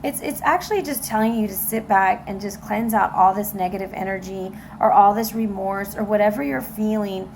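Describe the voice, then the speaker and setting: A chatty woman reads tarot cards for her viewers in a loose, conversational way. Her voice has a gravelly, creaky edge at a middling pitch. A faint hiss of background noise sits under the recording. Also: fairly quick, hardly any pauses, darkish tone. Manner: chatty, addresses viewers directly, frequent fillers and laughs. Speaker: tarot reader. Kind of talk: casual tarot reading to viewers.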